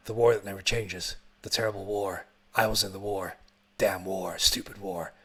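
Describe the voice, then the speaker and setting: A man voicing a rambling older male priest who keeps brooding over the war, in a low mutter. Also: steady tone, normal speed, a bit bright, husky.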